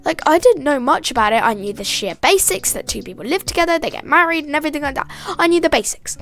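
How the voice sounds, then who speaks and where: A woman's voice: high voice, lively intonation, fast talker, a bit bright, soft background music. A teenage girl telling a storytime vlog, chatty and full of "like", acting out bits of dialogue.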